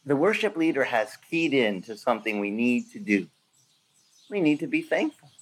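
A pastor delivering a sermon in a medium-pitched voice. He speaks in an animated way, with plenty of lift and emphasis. He sometimes drops into voices to act out what people say. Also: normal speed, slight background noise. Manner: animated preaching with acted-out quotes.

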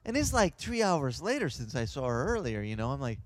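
Animated pastor telling a story. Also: male voice, medium pitch, brisk, no room sound. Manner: animated, acts out voices of others. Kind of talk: storytelling anecdote.

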